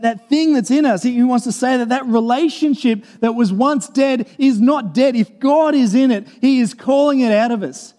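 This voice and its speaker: A high-pitched man preaches in a church, his voice carrying a long reverb through the hall. He talks earnestly and conversationally, repeating key phrases for emphasis and often restarting his sentences. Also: warm tone. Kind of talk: sermon.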